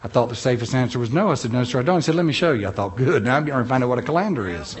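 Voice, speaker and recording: A man's voice: mid-range voice, animated, rapid-fire, crowd noise. A middle-aged man with a North Carolina Southern accent, telling funny stories in a folksy, self-deprecating talk. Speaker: speaker giving a talk. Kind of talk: humorous storytelling talk.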